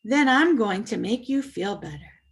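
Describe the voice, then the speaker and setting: A woman's voice: a little high, lively intonation, a little slow. A woman voicing a proud, doting grandmother who speaks with a heavy accent. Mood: soft. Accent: heavy foreign accent.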